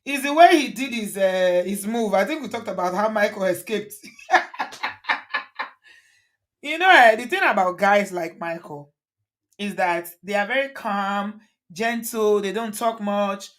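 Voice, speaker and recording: A woman host giving an animated, indignant commentary, firing off rhetorical questions. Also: mid-range voice. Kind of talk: casual commentary.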